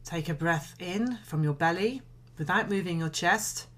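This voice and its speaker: A woman singing coach giving a calm, measured voice lesson, explaining and demonstrating breathing exercises. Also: on the low side. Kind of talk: instructional voice lesson.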